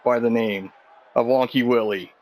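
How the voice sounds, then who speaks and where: A man's voice: mid-range voice, steady tone, normal speed, darkish tone, low-quality recording. A man doing jokey, rambling commentary over a video game wrestling match, teasing his co-hosts. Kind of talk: jokey role-play commentary.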